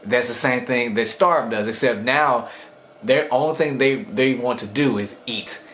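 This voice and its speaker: A man's voice: mid-range voice, unhurried, fairly bright tone, slight background noise. Casual rambling young man reviewing anime. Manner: rambling, slangy, re-enacts characters.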